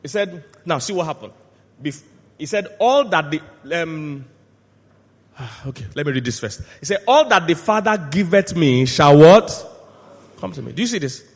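A male pastor preaching a sermon, asking the congregation to finish his lines and swinging from quiet asides to loud shouted peaks. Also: on the high side, lively intonation, moderate pace. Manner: call-and-response questions to the congregation. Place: church hall. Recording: long hall reverb.

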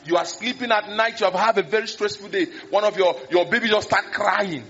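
Man preaching, high voice, dull lo-fi sound, faint music behind. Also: fairly quick. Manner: animated, acts out scenes, exclamations. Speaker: pastor. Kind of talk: sermon. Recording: dull lo-fi recording.

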